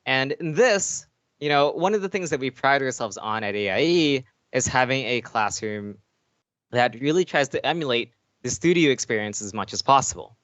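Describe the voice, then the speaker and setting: A man's voice: medium pitch, animated, moderate pace, fairly bright tone, no room sound. A man presenting an award from his home desk in a casual, conversational way, often asking "right?" and using fillers. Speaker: programming instructor presenting an award. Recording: dry, dull lo-fi sound.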